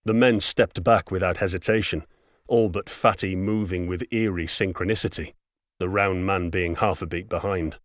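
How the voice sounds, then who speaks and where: A man narrating a science fiction audiobook in a steady, wry storytelling manner. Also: low-pitched, moderate pace, no echo, clean studio sound. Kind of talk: scripted narration.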